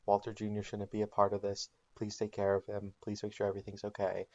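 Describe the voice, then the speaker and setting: A man's voice: on the low side, monotone, fast, highs cut off, lightly acted. Man voicing a weary pleading mother. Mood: tender.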